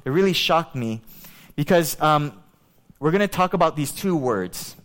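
Animated man preaching. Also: on the high side, unhurried. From Hawaii. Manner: animated, conversational, many fillers. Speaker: pastor. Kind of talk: sermon storytelling.

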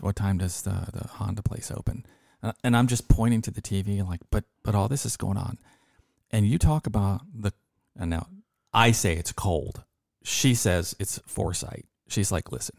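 A man's voice: fairly low pitch, normal speed, gravelly, dry recording, studio quality. A man hosting a podcast, telling a story in a casual way and acting out the voices of the people in it. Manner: lively storyteller who acts out quoted voices. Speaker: podcast host.

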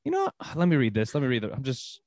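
Fast-talking man ranting on a podcast. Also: medium pitch, no room sound. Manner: ranting, animated, quick to laugh. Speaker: podcast co-host. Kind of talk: casual sports chat.

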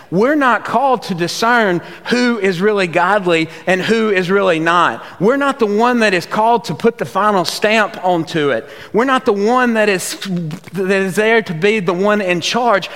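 A man's voice: sits high, normal speed, fairly bright tone. A man, a youth pastor giving a sermon in a folksy, conversational storytelling way. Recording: long reverb of a large hall.

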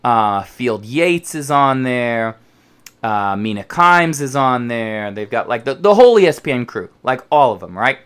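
Man ranting, lively swearing podcast host. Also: medium pitch, unhurried, clean tone. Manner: profane, animated, mocks others' voices. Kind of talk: ranting casual talk.

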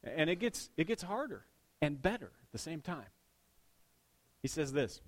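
A pastor with a somewhat higher male voice delivers a sermon in a loose, conversational way. He jokes with the congregation, then lands key words in a soft, hushed tone before pushing his volume back up. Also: sing-song, moderate pace, long pauses. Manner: swings between punchy loud lines and hushed intimate ones.

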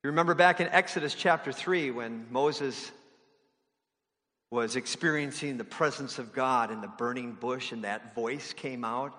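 A man's voice: mid-range voice, measured pace, bright, forceful tone, in a large hall. A man preaching a sermon, conversational with fillers, building to emphatic declarations. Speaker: pastor.

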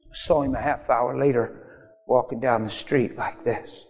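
With a creaky, slightly mellow mid-range voice and fairly even intonation, a man preaches somewhat slowly, telling sermon stories emphatically that swell into sudden bursts. The recording has long hall reverb and faint music in the background.

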